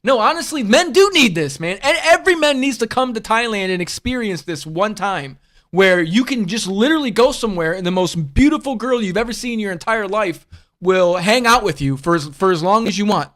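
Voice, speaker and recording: High-voiced, rambling, profane man podcasting. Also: expressive, brisk, fairly bright tone. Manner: rambling, profane, blunt, calls listeners bud and bro. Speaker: podcast host. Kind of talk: casual livestream podcast chat.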